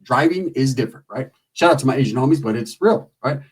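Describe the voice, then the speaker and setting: A man's voice: mid-range voice, quick pace, slightly rough, recorded from a distance. A man telling a profane, comedic street story in loose slang, acting out the people in it. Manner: loose street slang, animated with lots of acted quotes.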